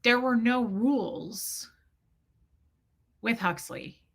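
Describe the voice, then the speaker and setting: Bright-voiced woman hosting a live stream. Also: a little high, extremely slow, husky. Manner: candid, emotional, swears freely, frequent restarts. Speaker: livestream host. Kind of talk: casual live-stream talk, reading chat.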